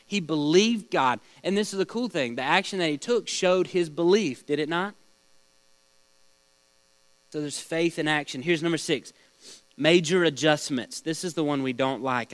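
Leading a small-group Bible study, a man teaches conversationally, putting questions to the group and telling stories. His voice is fairly high and fairly bright, and the rough recording has no room sound.

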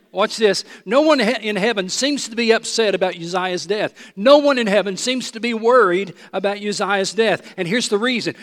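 A male pastor preaching a sermon, swinging from loud proclamation to soft, intimate asides. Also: high-pitched, long reverb tail.

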